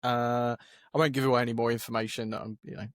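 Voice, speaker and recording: A man's voice: medium pitch, little pitch movement, fast, no room sound, studio quality. A man, a game developer guest talking in a casual podcast interview, hesitant and self-deprecating with lots of fillers.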